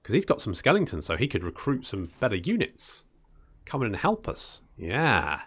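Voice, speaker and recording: A man's voice: lowish voice, huge pitch swings, normal speed, fairly bright tone, breathy edge. A man hosting a casual strategy game let's-play, chatting and muttering to himself as he plays and calling his units "buddy". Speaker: gaming channel host.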